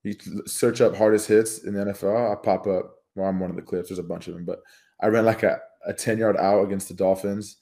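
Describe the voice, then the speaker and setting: A young man in his twenties, co-hosting a podcast in relaxed, slangy and profane casual chat. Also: on the low side, brisk. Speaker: podcast co-host.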